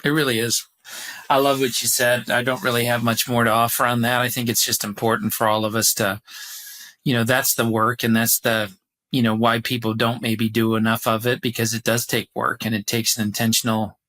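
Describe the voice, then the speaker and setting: Gentle reflective podcast guy, bright-ish voice, pretty flat, on a call. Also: mid-range voice, fairly quick, low-quality recording. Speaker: podcast co-host. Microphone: remote call.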